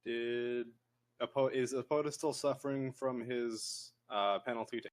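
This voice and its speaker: A man at a tabletop game asks rules questions in a polite, even tone. He sometimes speaks courteously to another player's character. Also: medium pitch, a little slow. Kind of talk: casual tabletop game chat.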